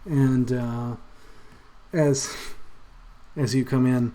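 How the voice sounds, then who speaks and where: A man's voice: mid-range voice, measured pace, darkish tone. A man runs a tabletop game, describing scenes in a loose, rambling way full of "uh" and "you know". His voice sits in a middle male range. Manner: rambling, many fillers and hedges. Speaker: game master.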